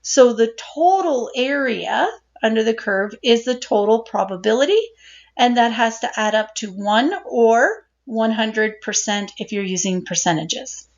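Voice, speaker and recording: Woman, statistics lecturer, explanatory, repeats key points, higher voice, muffled lo-fi recording. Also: measured pace. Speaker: statistics instructor. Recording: dull lo-fi recording.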